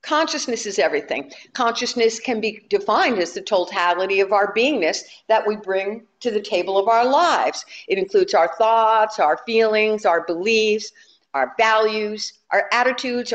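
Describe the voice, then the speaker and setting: A woman's voice: mid-range voice, unhurried. A woman minister giving a sermon in a conversational, humorous way. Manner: conversational and humorous, telling jokes to the congregation.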